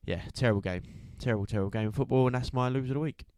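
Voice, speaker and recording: A man co-hosting a football podcast, chatty and quick to laugh. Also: mid-range voice, darkish tone, no room sound, studio quality. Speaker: podcast co-host. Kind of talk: casual football podcast chat.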